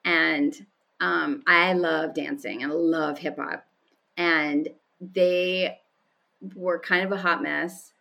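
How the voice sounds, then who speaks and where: A woman's voice: deep voice, steady tone, takes it slowly, gravelly, sharp tone. A woman guest speaking candidly and with animation, telling personal stories in conversation and laughing often. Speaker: podcast guest.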